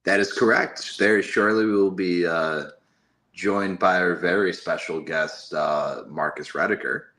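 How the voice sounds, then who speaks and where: An American man co-hosting a casual livestream, speaking in a measured, announcing way. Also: deep voice, pushed and bright. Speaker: livestream co-host.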